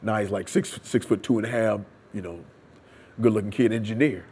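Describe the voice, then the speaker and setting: Husky man telling his story. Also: lowish voice, a little fast, darkish tone. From United States. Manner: storytelling, acts out dialogue and prayers. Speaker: interviewee. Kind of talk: oral history interview. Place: seminary room.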